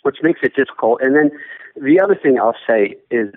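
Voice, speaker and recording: A man's voice: mid-range voice, animated, brisk, dry recording. Man in his forties, soccer broadcaster, chatty and rambling, heard over a tinny dry call line. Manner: chatty, rambling with many restarts. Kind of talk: casual podcast chat.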